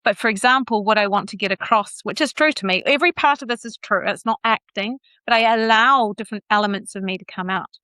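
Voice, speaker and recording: A middle-aged woman with a New Zealand accent, a communications coach speaking as a podcast guest and playing with her pitch and pace to show what a voice can do. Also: fast, hardly any pauses, dry recording. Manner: animated, plays with pitch and pace to demonstrate. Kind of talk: podcast interview.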